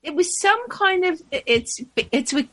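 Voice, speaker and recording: A woman co-hosting a community radio show, halting and searching for words. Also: very high-pitched, sing-song, fairly bright tone.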